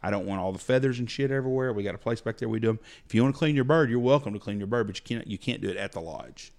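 Blunt outfitter spinning stories. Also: male voice, fairly low pitch, racing, a little mellow. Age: middle-aged. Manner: folksy, blunt storyteller acting out clients' lines. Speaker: hunting outfitter, podcast co-host. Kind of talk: casual storytelling chat.

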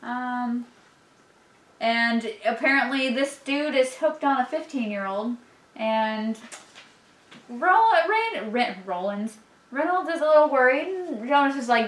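A woman's voice: a little high, slow pace, pauses often. A woman chatting casually while reading a novel along with a friend, summarizing loosely with fillers. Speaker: book club reader. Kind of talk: casual read-along chat. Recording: echoey room.

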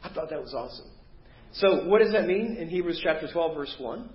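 A man preaching a sermon as pastor, animated and acting out the voices of the people in his story. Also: fairly high pitch, brisk. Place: church sanctuary. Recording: roomy, dull church recording.

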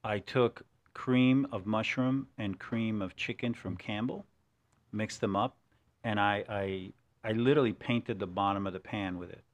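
Low-voiced man telling animated stories. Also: measured pace, lo-fi sound. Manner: animated storyteller, many restarts. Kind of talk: casual chat.

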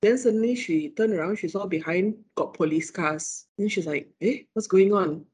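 A woman with a Malaysian English accent, a lecturer telling a ghost story in casual chat, animated and full of fillers and laughs. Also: medium pitch, moderate pace, slightly rough. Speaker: lecturer, guest.

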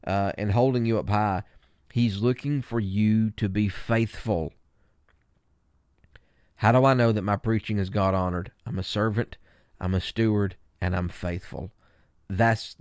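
A man with a fairly low voice speaks as a preacher teaching other preachers. He stumbles and repeats words with frequent fillers, then lifts his voice to read scripture with emphasis. The sound is dry and close, with no room echo. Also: a little mellow. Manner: reads scripture with rising emphasis.

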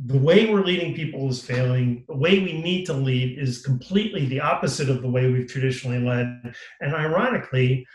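Guy telling his life story on a podcast, kinda high voice for a man, gets choked up, roomy echo. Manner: animated storyteller acting out quoted dialogue, voice rising when moved. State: tearful, emotional. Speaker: guest, author. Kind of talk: emotional personal storytelling.

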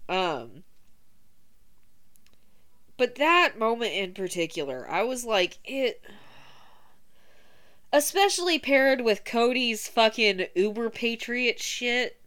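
A woman's voice: a little high, big pitch swings, slow, pauses often, fairly bright tone. A woman co-hosting a podcast, chatting casually and animatedly over a remote call, swearing and laughing often. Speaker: podcast co-host. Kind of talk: casual wrestling podcast chat.

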